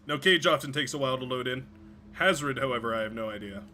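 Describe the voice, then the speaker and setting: A man's voice: mid-range voice, quick pace, sharp tone, slight background noise. A man streaming a video game live, chatting casually and rambling, often stumbling over his own words.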